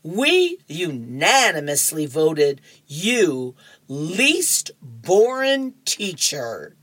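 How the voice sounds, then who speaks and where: A woman voicing a young schoolboy earnestly thanking his teacher, in an even, unhurried read. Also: low voice, slightly rough, dry recording, heavily acted.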